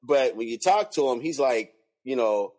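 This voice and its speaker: A man's voice: mid-range voice, lively intonation, normal speed, darkish tone. A man hosting a podcast, chatting casually and agreeing often with short replies. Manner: frequent short agreeing backchannels. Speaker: podcast host.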